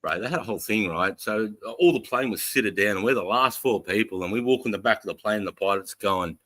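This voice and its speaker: A man's voice: on the low side, fast talker, hardly any pauses, no room sound, rough recording. Brash Australian man telling war stories. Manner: profane, animated storytelling with acted-out voices. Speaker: podcast host. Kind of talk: casual storytelling.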